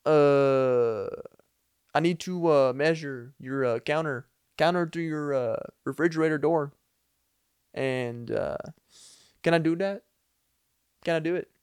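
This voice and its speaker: A man voicing a polite male handyman in a put-on Spanish accent, halting and higher than his own voice. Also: a little mellow, clean tone, dry recording, studio quality. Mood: pleading politely. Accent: put-on Spanish-accented English. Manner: polite, halting, asking permission. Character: friendly adult male handyman with a tape measure.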